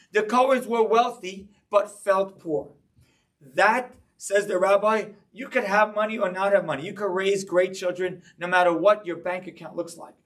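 A man giving a sermon-style Torah class, telling stories with animated delivery and acting out voices in them. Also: sits high, far from the mic. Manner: animated storyteller, acting out a child's voice. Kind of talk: sermon with storytelling.

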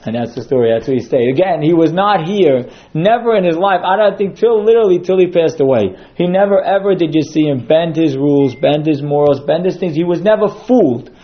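A man's voice: a little high, brisk, hardly any pauses, muffled recording. A man giving a sermon that centres on a told story, acting out quotes as he goes. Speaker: synagogue speaker.

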